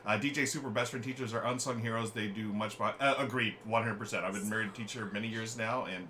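A chatty man hosting a live stream from home, reading viewer comments aloud into a desk mic. His voice is bright and forward. A faint hiss of background noise sits under it. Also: fairly low pitch, fairly even intonation, fast. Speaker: streamer host. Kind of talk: casual chat on a live stream. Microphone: desk microphone.

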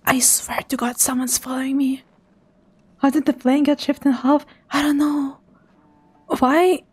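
High-voiced woman streaming a horror game. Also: darkish tone. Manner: jumpy, talks to chat, whispers when scared. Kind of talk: live gameplay commentary.

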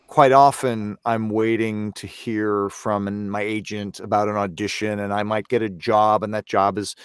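A man's voice: lowish voice, clear, resonant tone, no room sound, clean studio sound. A man from Canada, a voice actor guest, talking earnestly and self-critically in a casual podcast interview.

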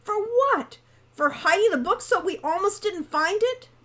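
A woman's voice: fairly high pitch, lively intonation, moderate pace, natural voice. A woman voicing a hot-tempered young man, a protective older brother who scolds in exasperation. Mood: angry.

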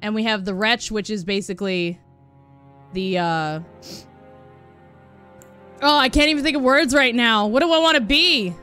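A woman streaming a video game live, excitable and giggly as she thinks aloud. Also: a little high, normal speed, pauses often. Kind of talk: live gaming stream chat. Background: game music.

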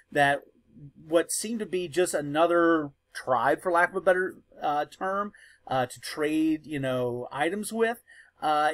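A man's voice: mid-range voice, a bit bright, no echo. Man teaching history, chatty lecture, lots of fillers, dry close sound. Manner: conversational, many fillers like "uh" and "you know".

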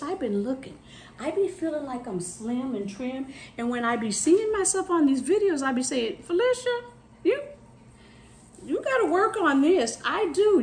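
A woman's voice: high voice, a little hiss or hum. A middle-aged woman, chatting casually to her viewers while she cooks in her home kitchen. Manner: chatty, talks straight to viewers with "y'all". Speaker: cooking vlogger. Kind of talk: casual chat while cooking. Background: dishes and cutlery clatter.

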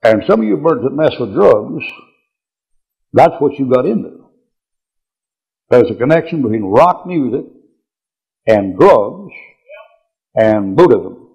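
Older preacher, gravelly and husky, blunt folksy lecture style, muffled old tape. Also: male voice, medium pitch, very animated, slow pace, long pauses, a little mellow. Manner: folksy, blunt, chuckling asides. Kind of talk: bible teaching lecture.

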